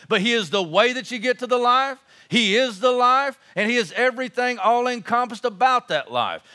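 A man's voice: high voice, sharp tone. A man preaching a sermon as pastor, impassioned and emphatic, repeating his phrases for force.

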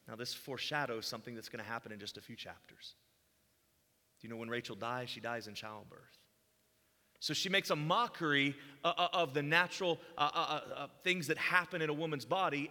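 A man preaches a sermon, walking through a Bible passage and voicing its quoted speech with mounting intensity. His mid-range voice has a sharp tone, and long hall reverb surrounds it.

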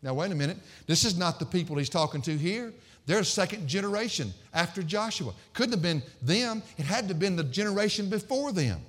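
A man preaching a sermon as pastor, swinging between loud emphatic declamation and low, conversational asides. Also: animated, brisk, in a large hall.

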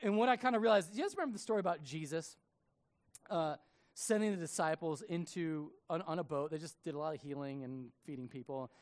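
A man preaching a sermon as a pastor, telling stories with lively acted-out quotes. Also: a little high, brisk. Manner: animated storytelling with acted quotes.

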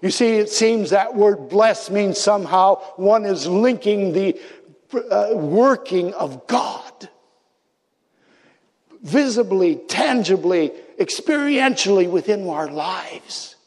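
A high-pitched male pastor preaches slowly and thoughtfully, drawing his sermon out in unhurried phrases. His reflective storytelling sometimes sinks to near-whispers for emphasis. The sound carries the long reverb of a large church hall. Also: animated, a little mellow.

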